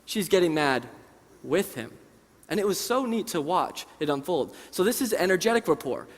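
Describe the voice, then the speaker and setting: A man presenting a live seminar, telling animated stories to an audience in a large conference hall. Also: high-pitched, normal speed. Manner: animated, conversational storytelling to an audience.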